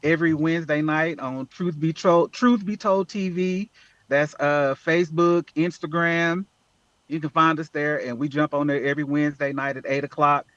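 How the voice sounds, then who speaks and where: A man's voice: fairly high pitch, fairly even intonation, normal speed, a bit bright, no echo, lo-fi sound. An earnest man in a casual podcast interview, often repeating words and saying "man" as he talks. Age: adult with children. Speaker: podcast guest, app founder.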